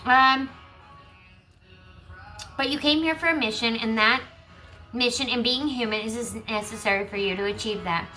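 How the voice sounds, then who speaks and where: Tarot lady w a bright kinda high voice, chatty asides, bit hoarse from losing her voice. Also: normal speed, pauses often, soft background music, low-quality recording. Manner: chatty asides between gentle readings. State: losing her voice, clearing throat. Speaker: tarot reader. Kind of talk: collective tarot reading, reading card texts aloud.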